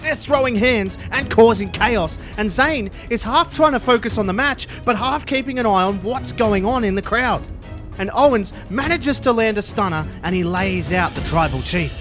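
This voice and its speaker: A man narrating a scripted story in an upbeat, energetic way. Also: high voice, moderate pace, faint music behind. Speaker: YouTube storyteller.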